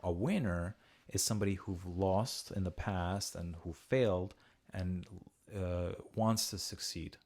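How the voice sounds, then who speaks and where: A man's voice: sits low, unhurried, darkish tone. A man hosting a podcast, chatting casually and profanely, acting out quoted voices as he talks. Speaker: podcast host.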